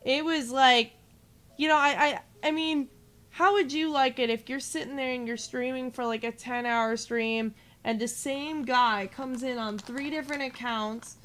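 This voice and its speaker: A woman's voice: high voice, steady tone, unhurried, fairly bright tone. A woman in her twenties, a game streamer, ranting in casual live-stream chat and swearing freely. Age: 20s.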